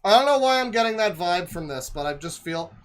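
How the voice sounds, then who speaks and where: A man's voice: high voice, lively intonation, brisk, smooth. A male streamer reacting to a video with sardonic, profane, mocking commentary.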